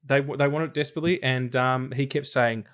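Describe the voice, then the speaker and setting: A man's voice: medium pitch, steady tone, fast talker, a bit bright. A man guesting on a podcast in casual chat, loose and sweary, often rambling.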